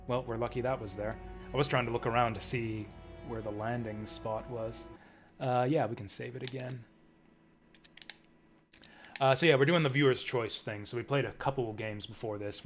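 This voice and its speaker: A male streamer chatting casually over his gameplay at a mid pitch, rambling and joking with lots of chuckles. Faint game music drifts in behind him.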